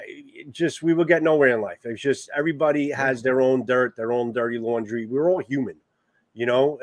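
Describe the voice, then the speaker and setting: A man with a New York accent co-hosting a casual livestream chat, animated and greeting viewers by name. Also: mid-range voice, no echo. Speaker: co-host.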